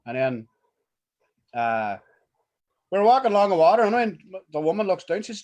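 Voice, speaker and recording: A man's voice: sits high, sing-song, moderate pace, pauses often, a little mellow. A young man with a Northern Irish accent in a casual, sweary podcast chat, rambling and restarting his sentences. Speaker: podcast co-host.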